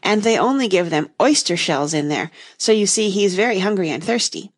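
A woman's voice: medium pitch, animated, brisk, close to an everyday voice. Woman doing a sulky storybook messenger. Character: sulky, hungry male messenger.

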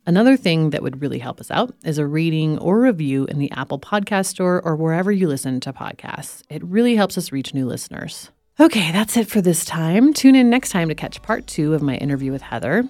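A woman's voice: deep voice, a little mellow. A woman in her thirties hosting a podcast, chatting casually and peppering her speech with "like". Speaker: podcast host. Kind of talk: casual conversational interview and outro.

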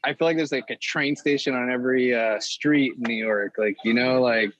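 A man's voice: medium pitch, steady tone, a little fast, fairly bright tone, highs cut off, a little hiss or hum. A young man from California, chatting casually as a podcast guest, telling stories animatedly and swearing as he acts out other people. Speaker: pin designer guest.

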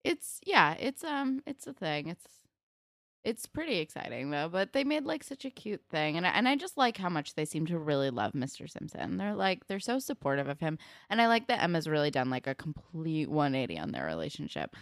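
A young woman casually recapping a TV episode, chatty and quick to swear, acting out characters' lines. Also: sits low, big pitch swings, no echo, clean studio sound. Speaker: podcast co-host.

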